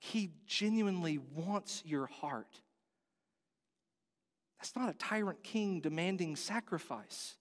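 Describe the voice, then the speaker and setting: Direct questions to the congregation punctuate this earnest, conversational sermon from a pastor whose voice is a little high. The church sanctuary lends it a big-room sound.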